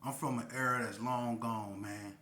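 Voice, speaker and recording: A man's voice: mid-range voice, moderate pace, slight background noise. A man in his forties from Las Vegas, telling old neighborhood stories in a casual, slangy way and acting out the scenes. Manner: animated, acts out scenes, slangy and repetitive. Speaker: storyteller. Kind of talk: casual street storytelling. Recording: roomy echo.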